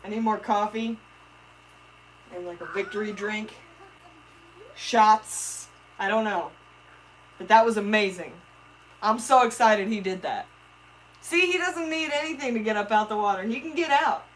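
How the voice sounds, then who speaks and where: A woman hosting a live stream, chatting excitedly with viewers and talking to her fish. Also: mid-range voice, measured pace, long pauses, slight background noise, low-quality recording.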